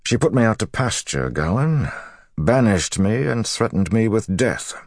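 A man voicing a grizzled older male general who talks gruffly and gravely. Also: on the low side, big pitch swings, a little slow, darkish tone, no room sound, clean studio sound, pitched above the performer's own voice, full character voice.

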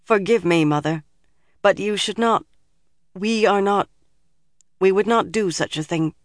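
A narrator voicing a proud, fiery young woman who talks with a sharp, demanding edge, read in a dry studio audiobook. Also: low-pitched, normal speed, dry recording. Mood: strained.

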